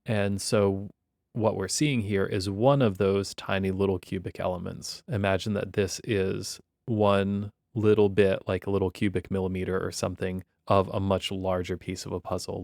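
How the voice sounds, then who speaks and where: Low, gravelly male lecturer. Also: little pitch movement, normal speed, darkish tone, dry recording, studio quality. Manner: wry, conversational explaining. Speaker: university lecturer. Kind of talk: recorded engineering lecture.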